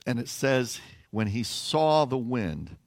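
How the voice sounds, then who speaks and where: A man's voice: mid-range voice, very animated, slow. A man preaching a sermon from a stage platform, telling a story with playful asides. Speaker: pastor.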